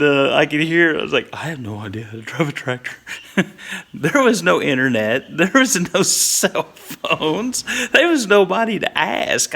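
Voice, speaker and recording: A man's voice: fairly high pitch, pushed and bright. A middle-aged man, telling a funny story from his youth in a casual, chatty way and chuckling often as he goes. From Whitley County, Kentucky.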